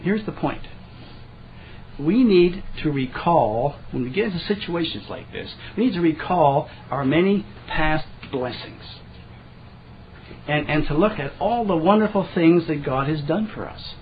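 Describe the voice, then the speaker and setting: A man with a fairly high voice preaches in a relaxed, folksy way. He stumbles over and repeats his words, then slows down to read scripture. The recording is dull and lo-fi. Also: a little hiss or hum. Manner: folksy, repeats and restarts words, reads scripture slowly, clears throat often. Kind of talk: conversational sermon.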